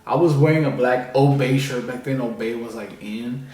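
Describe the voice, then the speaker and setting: A young male vlogger with a mid-range, slightly mellow voice tells a personal story at a moderate pace, rambling casually and packing it with fillers like "like" and "you know". The recording sounds echoey, as if the mic is distant in the room.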